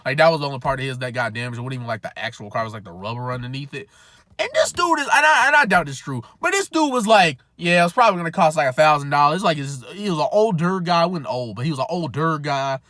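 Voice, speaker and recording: Bright, animated young man telling a story. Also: fast talker, no echo, clean studio sound. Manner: animated, jumps to high pitch acting out his own reactions; slangy, full of fillers like "boom" and "bro". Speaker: vlogger. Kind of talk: casual storytelling.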